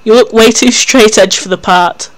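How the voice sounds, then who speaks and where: Reader playing a grumpy crude mentor, sarcastic, exasperated, smooth clear voice, middling pitch. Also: moderate pace, lightly acted. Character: grumpy weary male mentor, blunt and crude.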